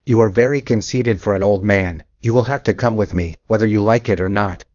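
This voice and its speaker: A man's voice: fairly low pitch, brisk, a little mellow, dry recording, lightly acted. Male narrator as a boastful, scheming moon god in an audio story; insulting, dull and dry lo-fi sound. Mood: contemptuous.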